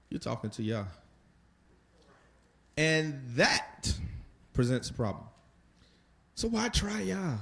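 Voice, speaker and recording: A man leading a Bible study lesson, talking conversationally and putting rhetorical questions to his listeners. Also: a little high. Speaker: Bible teacher.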